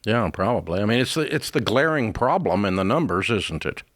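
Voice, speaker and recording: Male radio host, low register, dry studio sound; blunt, emphatic, folksy. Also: sing-song, a little fast, fairly bright tone, no echo. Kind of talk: casual call-in advice talk.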